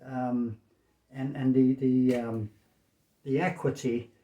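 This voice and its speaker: A man's voice: mid-range voice, flat delivery, takes it slowly, warm tone, roomy sound. A man in his sixties from the United States, rambling in a casual vlog commentary, repeating his points and tagging lines with "okay?". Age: 60s. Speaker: vlogger. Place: small room in his apartment.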